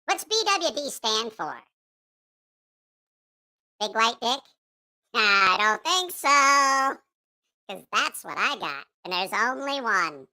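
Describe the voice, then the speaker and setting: A cranky childlike puppet voice, put on by a man, swearing through its grumbling rants. It swoops high and low and drags its words out slowly, with a bright, sharp edge to the tone. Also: very animated, full character voice. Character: squeaky childlike male puppet voice, grumpy and foul-mouthed. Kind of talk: livestream chat in a put-on voice.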